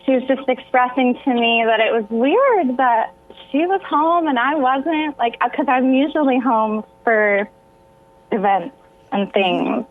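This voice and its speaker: Over a tinny phone line, a woman guest on a radio interview tells a personal story with emotion, sometimes breaking into tears. Her voice is high-pitched and her pace measured.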